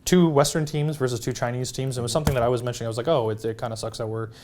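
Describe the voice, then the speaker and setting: Guy co-hosting an esports recap, talks fast and kinda flat, lots of "like". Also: medium pitch. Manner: fast and loose, hedging with "like" and "I guess". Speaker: esports co-host. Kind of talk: casual game analysis chat.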